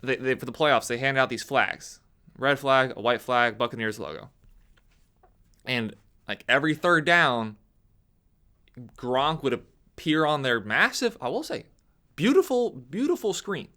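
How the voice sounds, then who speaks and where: A young man delivering an opinionated sports rant straight to the camera. His voice is bright and forward, and he gets animated, jumping higher in pitch whenever he mocks someone. He sounds like a fired-up commentator arguing his case. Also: measured pace, long pauses, clear, resonant tone. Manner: animated, ranting, voice leaps up when mocking others. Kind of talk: opinionated sports talk monologue.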